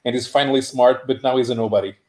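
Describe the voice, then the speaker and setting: A man's voice: mid-range voice, fairly even intonation, racing, darkish tone, a little hiss or hum. Man explaining at length, echoey room. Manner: long explanations with many restarts. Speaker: podcast panelist. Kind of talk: casual chat.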